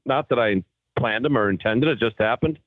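A man's voice: medium pitch, a little fast, dry recording. Guy on a phone call spinning golf tour stories, voice sounds thin n tinny, does little voices for people. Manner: animated storyteller acting out quoted voices. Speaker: guest golfer. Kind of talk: casual storytelling.

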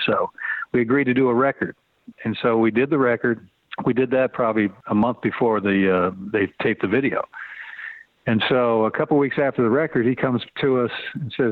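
A man's voice: mid-range voice, steady tone, brisk, no echo. A man around sixty telling stories bluntly and casually, with cursing, as an interview guest. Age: 60s. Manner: blunt, laid-back storytelling with cursing. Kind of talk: storytelling interview answers. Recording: phone-line sound.

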